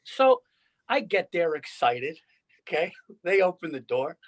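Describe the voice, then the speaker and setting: A man's voice: a little high, sing-song, measured pace. A man co-hosting a casual comedy podcast, telling rambling, profane, worked-up stories. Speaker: podcast co-host.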